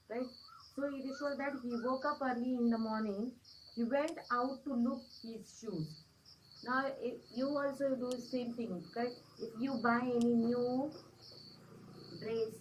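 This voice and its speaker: A woman's voice: fairly high pitch, a little mellow, slight background noise, rough recording. A woman teacher with an Indian accent reading a story in an English lesson, often repeating herself and asking if the class follows. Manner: repetitive, checks understanding with questions. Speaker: schoolteacher.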